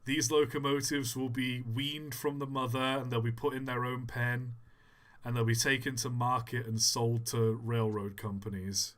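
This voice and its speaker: Guy on a live stream, bright voice, dry jokey chat with a friend. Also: mid-range voice, normal speed. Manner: dry joking, deadpan asides. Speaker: streamer co-host.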